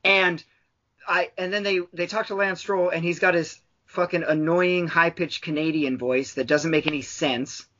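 A man's voice: on the high side, fairly even intonation, normal speed, sharp tone. Rambling, profane podcast guy, lo-fi sound. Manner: rambling, profane, with frequent fillers. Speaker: podcast co-host. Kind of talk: casual chat.

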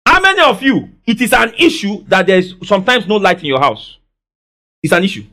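A man delivers a sermon in a high, lively voice. He leans on call-and-response and swings from soft to loud. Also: moderate pace, long pauses. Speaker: pastor. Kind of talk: preaching a sermon.

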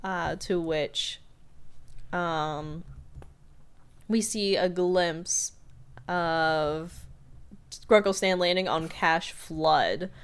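A woman's voice: on the low side, smooth. Giggly woman recapping a cartoon. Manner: animated retelling, quick voice switches for quotes, frequent giggles. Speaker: podcast co-host. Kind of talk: casual episode recap chat.

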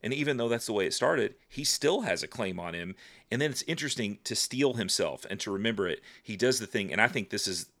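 A man's voice: fairly low pitch, expressive, brisk, a bit bright. A man co-hosting a podcast, talking through a book chapter in an earnest, casual way, thinking aloud. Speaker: podcast co-host.

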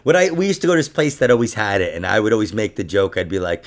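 A man's voice: on the low side, sing-song, very fast. A man co-hosting a comedy podcast in casual chat, laughing often and breaking into silly mock voices.

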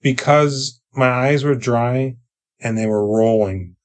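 A man's voice: medium pitch, slow pace. A man co-hosting a podcast, recapping a movie in casual profane chat and acting out the characters' lines. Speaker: podcast co-host.

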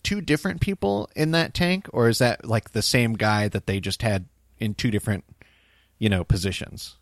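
Lowish voiced guy musing hesitantly about a movie, um-ing a lot, dry mic. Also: normal speed, no echo. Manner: thoughtful, hesitant, lots of fillers. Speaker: podcast co-host. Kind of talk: casual film commentary.

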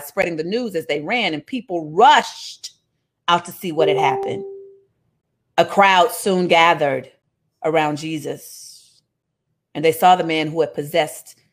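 A woman preaches, reading scripture aloud and breaking off into casual, humorous retellings. Her voice sits at an average pitch. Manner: animated storytelling, jokes and voices, casual asides. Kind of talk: sermon, reading scripture with commentary.

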